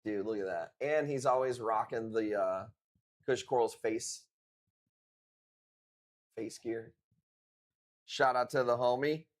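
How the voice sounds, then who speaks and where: A man hosts a live coral sale. He talks in a laid-back, unhurried way, swears often and leans on street slang, with his voice sitting at an ordinary middle pitch. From Chicago. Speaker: live-stream coral seller. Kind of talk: casual live-stream chat.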